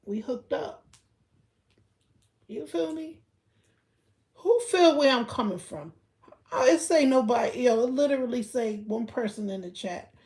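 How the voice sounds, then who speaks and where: Ranting woman livestreamer, high voice. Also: expressive, unhurried, pauses often. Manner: ranting, keeps asking "you feel me", swings between loud outbursts and low mutters. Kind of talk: casual livestream rant.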